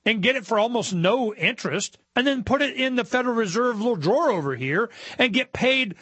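A man's voice: very high-pitched, expressive, a little fast, a bit bright, breathy edge, dry recording. A man hosting a talk show, commenting casually while reading news aloud, with mocking asides and rhetorical questions.

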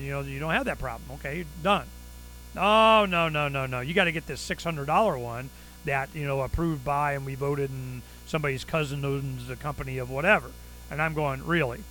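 A man's voice: a little high, a little hiss or hum, rough recording. A man hosting a casual monologue, telling stories with sarcasm and acting out the people he quotes. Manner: animated storytelling, acts out quoted people, sarcastic. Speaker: commentary show host.

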